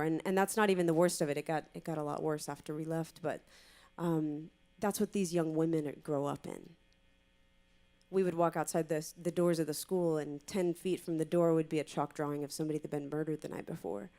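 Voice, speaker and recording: A woman's voice: low-pitched, fairly even intonation, a little fast, dark tone. A woman singer speaking casually on stage to an audience, with many fillers, before performing a song. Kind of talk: spoken introduction to a live song.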